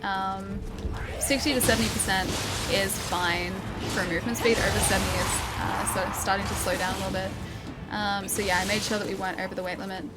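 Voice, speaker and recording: A woman's voice: mid-range voice, fairly even intonation, a little fast, loud music behind the voice. An Australian woman streaming a game live, chatting playfully, laughing often and answering her chat. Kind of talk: live gameplay commentary, reading chat.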